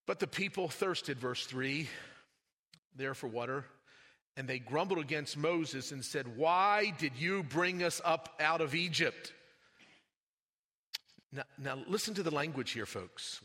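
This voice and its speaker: A pastor giving a sermon, swinging between raised emphatic lines and quiet low asides. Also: male voice, expressive, a little slow, pauses often. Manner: preaching with dramatic swings in pitch and loudness. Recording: long hall reverb.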